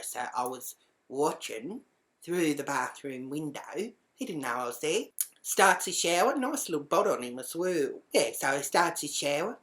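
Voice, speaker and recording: A woman tells a rude personal story as a casual monologue. Her voice sits a little low, and she swears constantly, leaping into loud outbursts whenever she quotes herself. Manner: profane, animated, shouts quoted lines.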